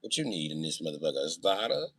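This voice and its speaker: A young man on a casual live stream, reading chat and telling profane, boastful stories, swinging between loud outbursts and low mutters. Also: sing-song, fast, creaky, husky.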